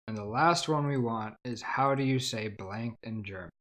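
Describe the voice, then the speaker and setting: A man's voice: medium pitch, normal speed, a bit bright. A man on a casual livestream, teaching himself a language, sounding out words hesitantly and thinking aloud. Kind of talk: casual self-study livestream.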